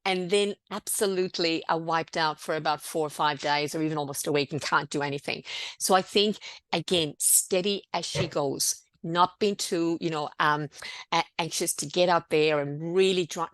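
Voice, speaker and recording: Low-pitched middle-aged woman, clinical nurse presenter, reassuring and chatty, dry close sound. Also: fairly even intonation, normal speed, a bit bright, dry recording. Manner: reassuring, conversational, many fillers. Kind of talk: online education seminar talk.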